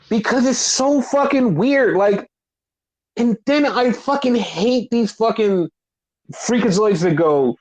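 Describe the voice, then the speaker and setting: A man in his thirties with a high-pitched voice rants on a wrestling podcast. He talks in a heated, casual way, swearing a lot and leaning on "like" as he goes. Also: lively intonation, measured pace, poor audio. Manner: heated, profane, lots of "like". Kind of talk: casual rant.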